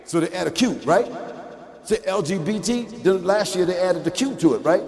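A man's voice: normal speed, vocal fry, crowd noise. Preaching man in a reverberant hall. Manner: preachy, repeats "right or wrong?", swings from low mutters to shouts. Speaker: Muslim preacher. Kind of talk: televised sermon.

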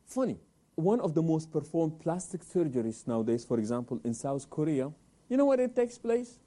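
Lively man hosting a religious talk show. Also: on the high side, moderate pace. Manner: animated, asks and answers own questions; sprinkles Arabic religious phrases. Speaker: host of Islamic talk program.

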